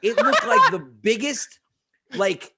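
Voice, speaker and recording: A male comedian telling animated, swearing stories on a podcast mic and acting out the quotes. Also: extremely high pitch, slow pace, vocal fry. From New York. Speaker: comedian guest. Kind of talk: casual storytelling. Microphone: podcast studio mic.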